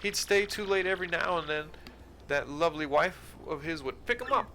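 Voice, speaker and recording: A man voicing a chatty male townsman who spreads rumors in rough, slangy speech. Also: a little high, expressive, brisk, bright, forceful tone, slight background noise.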